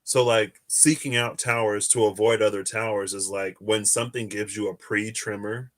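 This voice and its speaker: A man's voice: lowish voice, fairly even intonation, moderate pace, fairly bright tone. A man hosting a live tarot stream, chatting casually and answering viewers' questions as he wanders through his thoughts.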